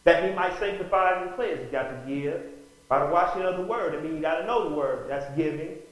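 High-voiced preacher in a very echoey room. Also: male voice, brisk. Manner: preaching with call-outs of "Amen?" and rising bursts of emphasis. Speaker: pastor. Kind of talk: sermon.

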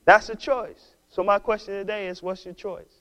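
High-voiced man preaching a sermon. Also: fairly even intonation, normal speed, highs cut off. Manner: exhorting, repeats and restarts words, builds to loud passionate preaching. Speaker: pastor.

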